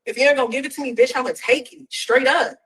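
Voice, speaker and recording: Young woman, defiant livestream rant, profane, high voice, bright and sharp. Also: fast talker, slightly rough, poor audio. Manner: defiant, profane, repeats "straight up". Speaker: reality TV personality on a livestream. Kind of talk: ranting livestream.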